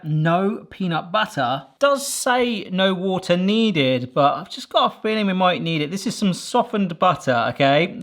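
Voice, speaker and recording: A man's voice: high-pitched, a bit bright. A man chatting casually through a cooking vlog, jokey and self-mocking as he tests a toy. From England. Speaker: food YouTuber testing a vintage toy.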